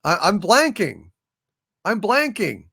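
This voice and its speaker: A man's voice: high-pitched, sing-song, slow pace, vocal fry, sharp tone, slightly rough, no room sound, clean studio sound. A man hosting a live stream, reading out viewer super chats, playful and self-mocking, a bit tired. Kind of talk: casual live-stream chat.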